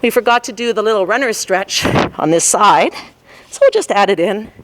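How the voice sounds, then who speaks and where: A woman's voice: mid-range voice, animated, moderate pace, fairly bright tone. A woman fitness instructor guiding a ball workout, cueing form and counting reps while she exercises along, a little out of breath.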